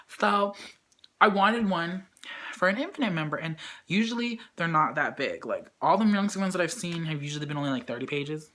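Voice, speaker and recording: A woman's voice: medium pitch, expressive, moderate pace, a bit bright. A young woman at home unboxing a photobook in a casual vlog, gushing and squealing, dropping now and then to a whisper. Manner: gushing, squealing fangirl, swings between shrieks and whispers.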